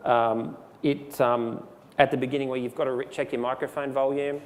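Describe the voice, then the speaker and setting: A man giving a relaxed, conversational live software demonstration, with frequent fillers, speaking into a handheld mic. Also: mid-range voice, normal speed. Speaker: presenter. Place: presentation hall. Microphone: handheld microphone. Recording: long hall reverb, faint background noise.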